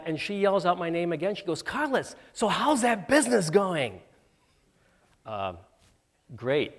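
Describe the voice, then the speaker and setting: Man telling stories in an echoing auditorium. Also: on the high side. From Michigan. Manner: anecdotal, with frequent fillers and restarts. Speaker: entrepreneur guest speaker. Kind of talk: storytelling lecture to students. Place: university auditorium. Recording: reverberant auditorium.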